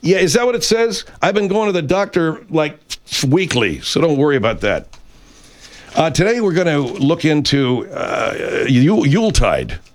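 A man's voice: fairly high pitch, sing-song, normal speed, a little hiss or hum. A man hosting a comedy talk radio show, speaking in a hesitant, mock-earnest way with frequent restarts.

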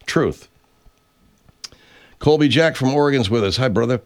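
A man's voice: medium pitch, animated, a little slow, pauses often. An older man hosting a loose live chat show from his home studio. He rambles from one viewer's name to the next, reads their messages aloud and swears freely along the way. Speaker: host.

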